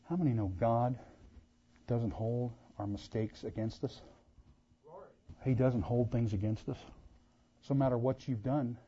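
A man delivers a sermon, swinging from quiet, earnest talk to loud emphatic swells. His voice sits at a middle pitch, and the recording sounds dull and lo-fi. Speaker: pastor.

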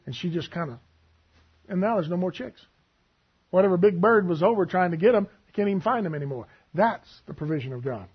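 A man preaching a sermon, telling stories and acting out both sides of a conversation in a husky voice. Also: sits high, expressive, a little fast, dull audio.

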